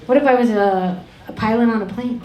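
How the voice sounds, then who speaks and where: A woman's voice: fairly high pitch, brisk, lo-fi sound, slight background noise. A middle-aged woman doing a brash, profane stand-up set on a comedy club stage. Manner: brash, profane, ranting delivery. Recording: echoey club with loud crowd.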